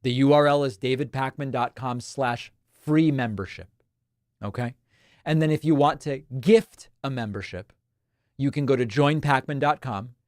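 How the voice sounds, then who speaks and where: A man's voice: mid-range voice, no echo, clean studio sound. A male host from Argentina, chatting wryly on a livestream and reading out viewer messages. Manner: wry, chatty, animated asides.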